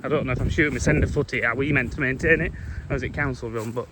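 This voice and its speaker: A young farmer who vlogs chats casually as he walks his windy fields outdoors, calling to his dog. His voice is medium-pitched, steady, and fast. The rough recording picks up a noisy crowd behind him.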